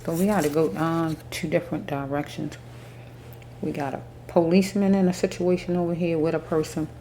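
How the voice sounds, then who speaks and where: A woman giving a casual tarot reading, thinking aloud with pauses, chewing a mint as she talks. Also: sits low, steady tone, warm tone, slight background noise. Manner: chewing a mint while talking. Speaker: tarot reader.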